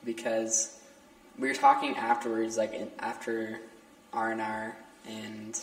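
A young man, a podcast guest, chatting casually in a halting way, restarting and searching for words. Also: on the low side, monotone. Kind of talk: casual chat. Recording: echoey room, distant from mic.

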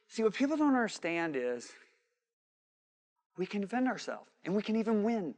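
A man preaching a sermon, telling a story with quoted dialogue and swinging from shouting to hushed asides. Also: on the high side, big pitch swings, moderate pace, long pauses.

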